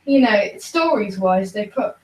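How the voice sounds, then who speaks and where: A woman chats on a casual podcast with real enthusiasm, often pausing on an um. She sits some distance from the microphone. The room around her has a roomy echo. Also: mid-range voice, expressive, a little mellow. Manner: enthusiastic, many ums. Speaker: podcast co-host. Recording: roomy echo, far from mic.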